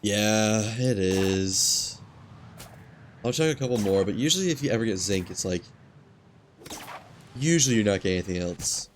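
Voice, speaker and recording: A man with a fairly low voice talks half to himself as he plays, laid-back and a little distracted, with hiccups. Game ambience and a humming engine sit clearly behind him. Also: expressive, moderate pace, pauses often. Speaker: streamer. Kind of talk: casual gameplay commentary. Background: game ambience and engine noise.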